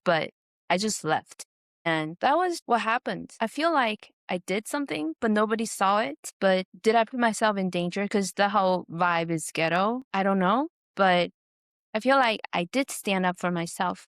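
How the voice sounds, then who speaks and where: A woman from the United States, a comedian hosting her own podcast, telling a story in a casual, animated way, swearing freely and acting out what people said. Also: mid-range voice, normal speed, no room sound, studio quality. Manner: animated, swears freely, acts out quotes in raised voice.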